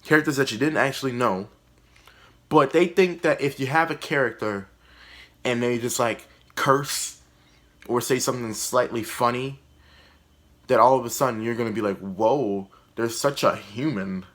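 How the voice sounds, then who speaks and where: A man's voice: medium pitch, moderate pace, long pauses, a bit bright. A male comedian reviews a TV season in a casual vlog. He is blunt and sarcastic and swears freely. His mid-range voice stays conversational. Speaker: YouTube comedian reviewing a TV show.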